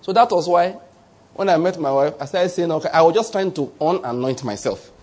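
A Nigerian preacher delivers a sermon in a slightly raised, husky voice. He is animated and conversational, slipping into little voices to act out scenes. He keeps asking whether the listener gets his point. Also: fairly high pitch, brisk. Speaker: pastor.

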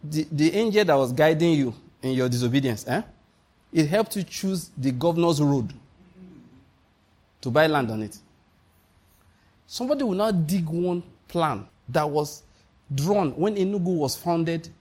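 A man's voice: on the high side, animated, a little slow, long pauses, darkish tone, slightly rough. A Nigerian man preaching a conversational, humorous sermon full of stories. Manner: humorous, storytelling, often laughing.

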